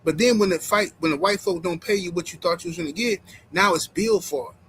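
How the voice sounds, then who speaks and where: A man with a fairly high voice hosts a boxing reaction stream. He talks bluntly and mockingly straight to his viewers. A faint noise sits under his voice. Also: brisk, fairly bright tone, low-quality recording. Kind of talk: casual live-stream commentary.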